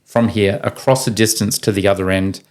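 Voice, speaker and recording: A man's voice: on the low side, a little fast. A man talking as a podcast guest, telling stories casually and acting out quoted voices with energy. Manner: animated, acts out quoted voices. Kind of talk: casual conversational storytelling. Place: podcast studio room.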